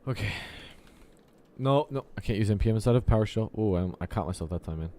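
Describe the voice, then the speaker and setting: A man's voice: lowish voice, expressive, fast. A young man, a programmer, ranting profanely and with exasperation at his computer during a solo recording. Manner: exasperated and profane, talks to the software. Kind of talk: frustrated solo screen-recording rant.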